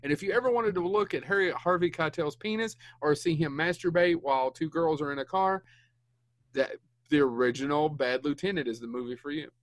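A man's voice: a little high, brisk, no echo. A man co-hosting a casual film podcast who cuts in with wry jokes. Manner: wry, joking interjections. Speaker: podcast co-host.

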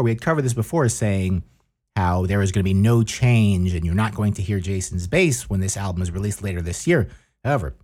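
A man's voice: on the low side, a little mellow, husky. A man hosting a podcast, reading news in casual chat with wry, offhand asides. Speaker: podcast host.

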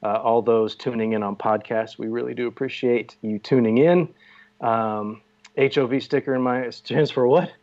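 A man's voice: mid-range voice, steady tone, normal speed, darkish tone, dull audio. A man co-hosting a casual chat show, joking and bantering with a headset mic. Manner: joking, banters and laughs often. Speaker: podcast co-host.

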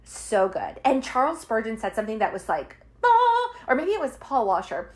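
A woman's voice: fairly high pitch, sing-song, brisk. A woman in her thirties hosting a Christian podcast, chatting casually and emphatically to women listeners, often repeating words for stress and laughing.

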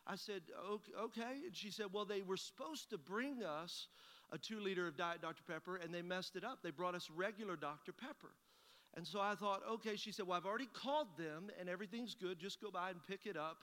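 A man's voice: high-pitched, a little fast, a bit bright. A man preaching a sermon as pastor, telling a folksy personal story and acting out both sides of the conversation. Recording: long hall reverb.

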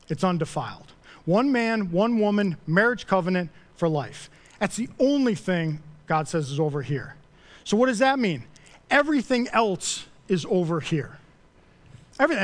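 A middle-aged male pastor delivering a sermon at a church podium. His voice sits high for a man and leaps all over the place, punching out lists of sins before dropping low and soft. He preaches with fervent, insistent emphasis. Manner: passionate, emphatic preaching with sudden drops to quiet.

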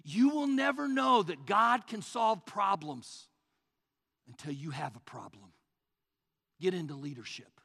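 A male pastor preaching a sermon, swinging between loud, rising passages and hushed, low asides. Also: animated, unhurried, gravelly, pauses often, in a large hall.

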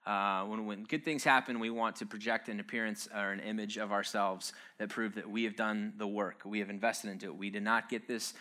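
A man's voice: lowish voice, fairly even intonation, fairly quick, few pauses, sharp tone. A man giving a casual, joking sermon-style talk, conversational and wry, with frequent "um"s and "uh"s.

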